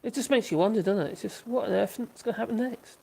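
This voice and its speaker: A woman's voice: mid-range voice, quick pace, creaky, dark tone, husky. An older woman, chatting casually on a livestream, reading out viewer comments and rambling with frequent giggles and restarts. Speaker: livestream host.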